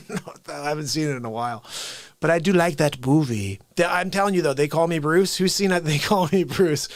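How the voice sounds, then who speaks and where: A man hosting a casual livestream, telling movie stories excitedly, laughing often and acting out lines. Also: on the high side, fairly quick, no echo. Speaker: livestream host.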